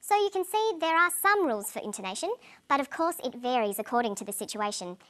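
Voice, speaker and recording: A woman narrating a scripted English lesson, explaining clearly and plainly. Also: a little high, expressive, fast talker, heavy background noise. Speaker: English teacher.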